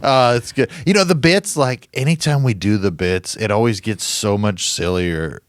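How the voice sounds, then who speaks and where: A man co-hosting a podcast in a relaxed, rambling way full of fillers. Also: lowish voice, normal speed, no echo, studio quality. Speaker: podcast co-host. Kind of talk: casual chat.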